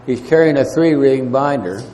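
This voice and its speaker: Brief: man, halting storyteller, mellow low tone, long hall reverb, faint background hiss. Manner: halting, many fillers and restarts. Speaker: recovery meeting speaker. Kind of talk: storytelling talk. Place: meeting hall.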